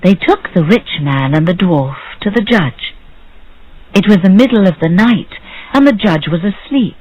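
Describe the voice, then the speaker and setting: A woman reading a simple story aloud for English learners, in short clear sentences. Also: dry recording, dull audio. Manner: slow, clear, simple sentences with lively pitch. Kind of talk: scripted story narration.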